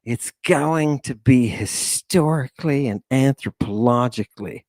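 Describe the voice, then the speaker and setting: Slow, theatrical male lecture host. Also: medium pitch, a little mellow, dry recording. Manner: dramatic, rambling, keeps addressing the audience as "people".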